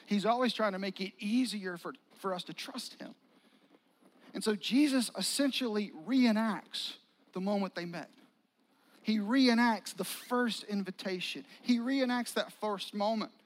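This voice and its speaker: A male pastor telling a story to his congregation in a loose, conversational sermon. His voice sits high for a man, and he stays animated, bringing in jokes and acting out the lines of the people in the story. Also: unhurried, rough recording.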